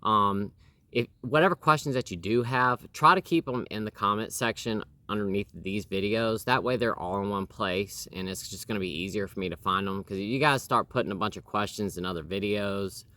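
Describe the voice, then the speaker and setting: A man's voice: lowish voice, moderate pace, sharp tone. A man in his thirties hosting a casual home interview with his wife, rambling with lots of fillers and restarts.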